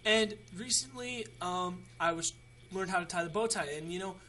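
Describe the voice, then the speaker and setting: A man's voice: high-pitched, normal speed, pushed and bright, a little hiss or hum. A young man hosting a casual how-to video, chatty and rambling with frequent restarts. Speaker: tutorial host.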